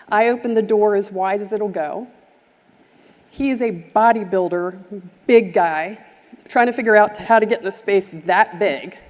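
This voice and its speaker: A woman on stage at a summit, telling a personal story with warmth and vivid detail. Her voice sits in a middle range and she gives small voices to the people she quotes. The live stream carries a long reverb from the large hall. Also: mid-range voice. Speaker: summit speaker. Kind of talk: storytelling keynote talk.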